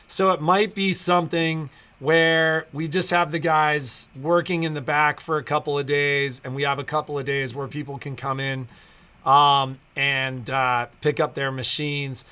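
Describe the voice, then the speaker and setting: A man's voice: on the high side, little pitch movement, unhurried, pushed and bright, clear, resonant tone. A middle-aged man hosting a casual livestream for his store, rambling through updates with many "so, um" fillers and restarts.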